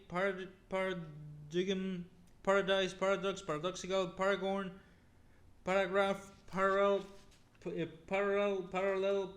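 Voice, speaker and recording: A man's voice: high-pitched, a bit bright. A man reading a long list of words aloud one after another, often stumbling, restarting and repeating them, sounding weary from the long reading. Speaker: YouTuber.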